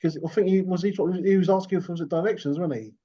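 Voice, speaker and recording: A man co-hosting a casual film podcast, talking rapidly and repeating himself. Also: high-pitched, dark tone. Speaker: podcast co-host. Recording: dull lo-fi mic.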